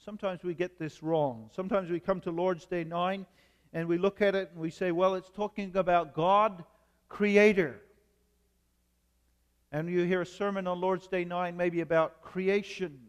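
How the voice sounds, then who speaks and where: A man preaching a sermon as a pastor, measured, with emphatic repetition. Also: high voice, steady tone, clear, resonant tone, in a large hall, lo-fi sound.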